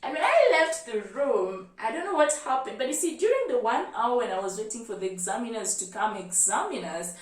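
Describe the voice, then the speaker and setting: A Kenyan woman in her twenties, a medical student, telling a personal story in an animated vlog style. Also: a little high, a little fast, hardly any pauses, echoey room, far from the mic. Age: 20s. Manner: animated storytelling, lively retelling.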